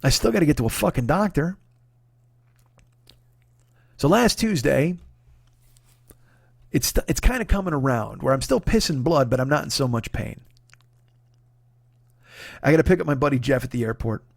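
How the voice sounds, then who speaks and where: Gravelly, profane man telling a story. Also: on the high side, lively intonation, normal speed, pauses often, dry recording, studio quality. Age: 40s. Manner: profane, rambling, candid and confessional; frequent restarts and apologies while telling a story. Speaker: comedian podcast host. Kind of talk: solo comedic storytelling monologue.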